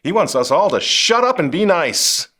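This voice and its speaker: A man's voice: high-pitched, very animated, normal speed. Fiery middle-aged man hosting commentary. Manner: fervent, swings from quiet intensity to loud outrage. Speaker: show host. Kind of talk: impassioned commentary.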